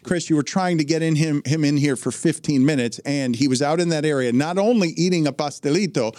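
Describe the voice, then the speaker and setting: A man hosts a podcast in loose, chatty conversation. His voice sits a bit high and he rambles through anecdotes with frequent fillers. The studio sound is close and dry. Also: a little fast, darkish tone, no room sound. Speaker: podcast host. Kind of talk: casual studio chat.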